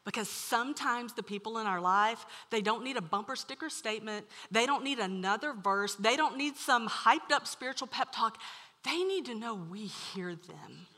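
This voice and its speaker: A woman preaching a sermon to a room, telling a story with animated swings from loud to hushed. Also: fairly high pitch, normal speed. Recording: long hall reverb.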